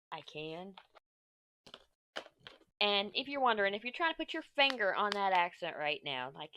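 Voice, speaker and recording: A woman's slightly high voice comes across with a sharp tone, over a bit of hiss or hum from her desk mic. She's a crafting vlogger in her thirties from Texas whose accent blends Texan and New York. While crafting she chats casually, rambles, and swears without much thought.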